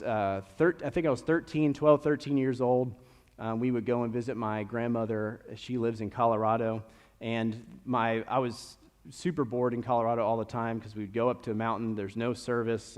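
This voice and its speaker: A young man from Kentucky with a slight Kentucky accent, preaching a conversational sermon full of storytelling. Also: mid-range voice. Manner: storytelling, conversational with animated rises. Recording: long reverb of a church hall.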